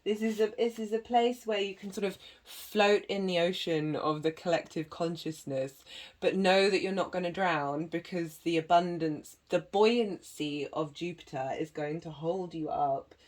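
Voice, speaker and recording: A woman giving a tarot and astrology reading to viewers, gentle and meandering, with frequent pauses and filler words. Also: on the low side. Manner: gentle and meandering, with many ums and soft laughs. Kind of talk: slow, reflective spiritual reading to viewers.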